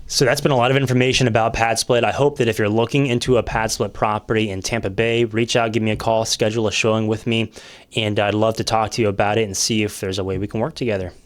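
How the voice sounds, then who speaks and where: A man, a realtor, casually explaining rental investment numbers while working through a calculator, conversational and thinking aloud. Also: on the low side. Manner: conversational, many fillers and restarts, thinking aloud over numbers. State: coughing now and then. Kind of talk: casual screen-share explainer.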